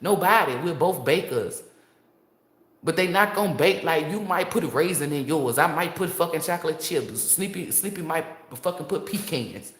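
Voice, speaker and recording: A woman's voice: low voice, expressive, normal speed. Blunt, profane woman in an echoey room. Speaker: tarot reader. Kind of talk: casual monologue to viewers.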